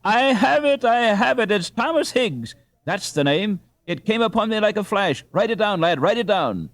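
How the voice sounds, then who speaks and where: A man voicing a middle-aged father, overjoyed and shouting in excitement, in a storybook reading. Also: moderate pace, no echo. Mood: jubilant. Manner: shouting with excitement, high and strained.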